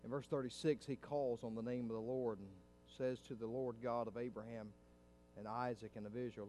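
A middle-aged male pastor preaching a sermon in a church, swinging from hushed, low passages up to loud, fervent climaxes. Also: little pitch movement, fairly quick, faint music behind.

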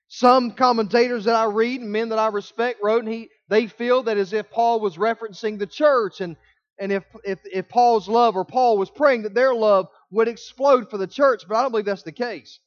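Male pastor, high voice, emphatic sermon delivery that stretches key words; slightly muffled recording. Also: a bit bright. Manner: emphatic preaching, slowing down and drawing out key words.

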